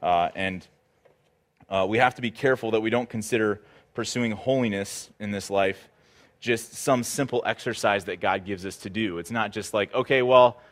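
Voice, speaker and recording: A man in his twenties preaching, telling a lively personal story as a sermon illustration, acting out his own reactions. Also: fairly low pitch, normal speed. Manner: animated storyteller, excitable, acts out reactions.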